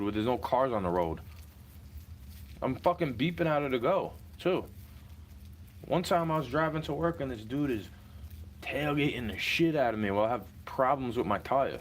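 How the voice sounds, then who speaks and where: A man's voice: medium pitch, slight background noise. A young man ranting in a casual, profane, rambling monologue while sitting in a car. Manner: agitated, profane, rambling and rapid-fire.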